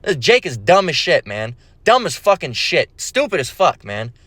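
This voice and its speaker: A man's voice: on the high side, very animated, moderate pace, fairly bright tone, dry recording. A man preaching a profane, mocking rant, quoting scripture and stammering in repeats. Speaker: religious video preacher.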